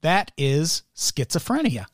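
A man's voice: on the high side, very animated, slow pace, no room sound, studio quality. A man co-hosting a podcast in casual chat, sarcastic and joking, swearing freely. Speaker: podcast co-host.

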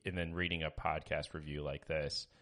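Male podcast co-host, deep voice, easygoing and hesitant delivery. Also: normal speed. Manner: relaxed, hesitant with fillers. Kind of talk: casual podcast chat. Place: small home studio.

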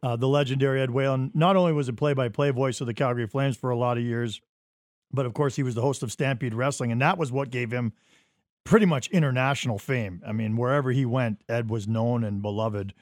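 A man hosting a podcast, chatting casually and chiming in with quick reactions. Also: mid-range voice, no echo, clean studio sound. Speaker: podcast host. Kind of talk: casual chat.

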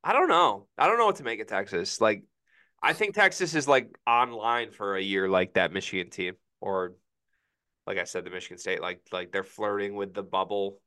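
A man's voice: on the low side, moderate pace, sharp tone, clear, resonant tone. Hedging young man talking basketball. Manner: hedging, thoughtful, many "I don't know"s. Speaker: podcast co-host. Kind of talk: casual sports podcast chat.

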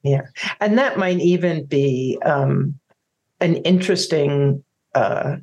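A woman's voice: low-pitched, slow pace, darkish tone, muffled recording. A woman in her fifties hosting a parenting podcast, reflective and searching for words with many fillers. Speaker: podcast host and parenting coach. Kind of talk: podcast interview conversation.

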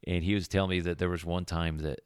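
This podcast host speaks fast in a low, level, clear and resonant voice, recorded cleanly in a studio with no room sound. He tells rambling, jokey stories with crude humor and lots of fillers in a casual, offhand monologue.

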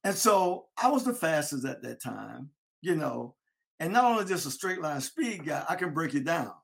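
A man telling a lively story about his youth football days, acting out his old coach. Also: a little high, moderate pace, gravelly. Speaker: former football player. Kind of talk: storytelling interview.

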